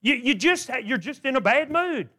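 A middle-aged male preacher with a high voice that leaps up and down. He delivers a sermon full of questions, often repeating words as he restarts his sentences. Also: big pitch swings, moderate pace, pushed and bright.

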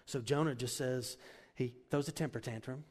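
A man's voice: mid-range voice, steady tone, normal speed, darkish tone. Man preaching, earnest and punchy, mid voice, big echoey hall. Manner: earnest, conversational, emphatic. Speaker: pastor. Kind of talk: sermon.

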